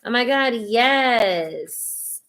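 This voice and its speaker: A woman's voice: a little high, animated, extremely slow, a bit bright. Chatty woman reading tarot on a live stream. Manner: chatty and effusive, filler-heavy. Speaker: tarot reader hosting live sessions.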